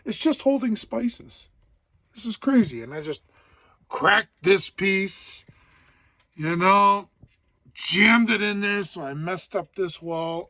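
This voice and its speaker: Man, high voice, slow pace, DIY vlog, swearing, self-mocking. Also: lively intonation, sharp tone, dry recording. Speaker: DIY vlogger. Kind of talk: casual building vlog.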